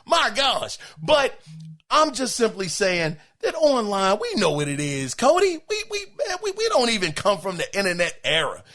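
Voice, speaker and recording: A middle-aged man hosting a podcast, reacting to listener emails in an emphatic, exclaiming, animated way. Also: high voice, moderate pace. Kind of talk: casual podcast commentary.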